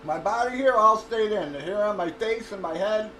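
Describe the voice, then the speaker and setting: High-voiced middle-aged man, casual profane venting, heard from across an echoey room with faint background noise. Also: animated, normal speed, bright, forceful tone. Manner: profane, blunt, laughs often. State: undergoing cancer treatment. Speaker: livestreamer. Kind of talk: casual chat. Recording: roomy echo, distant from mic, faint noise.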